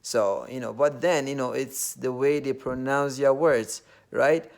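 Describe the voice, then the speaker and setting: A man's voice: mid-range voice, fairly even intonation, a little slow, creaky. A man from Nigeria with a Nigerian accent, talking in a casual, earnest monologue full of fillers. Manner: earnest, loosely phrased with many fillers.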